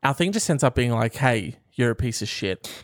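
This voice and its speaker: A man's voice: medium pitch, expressive, moderate pace, dry recording. Profane teasing podcast man, dry sound. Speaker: podcast co-host. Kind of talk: casual podcast banter.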